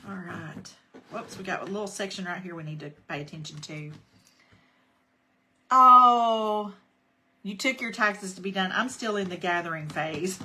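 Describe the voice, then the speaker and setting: Lowish, bright, and forceful, her voice runs a little fast. This craft host demonstrates a project on a casual livestream, pausing between steps to chat and say hello to viewers by name.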